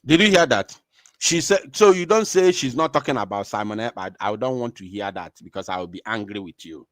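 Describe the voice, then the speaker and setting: A man's voice: lowish voice, lively intonation, brisk, a bit bright, dry recording, studio quality. A man with an Igbo-accented Nigerian English voice giving impassioned commentary as a show host, angry and repeating phrases for emphasis.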